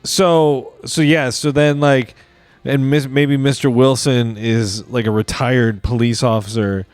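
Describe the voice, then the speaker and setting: A man's voice: mid-range voice, steady tone, measured pace, clear, resonant tone, dry recording, faint music behind. A man hosting a comedy podcast solo, rambling and cursing as he makes up a movie plot on the spot. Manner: rambling, profane, improvising a plot aloud. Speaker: podcast host. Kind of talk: casual comedic riffing.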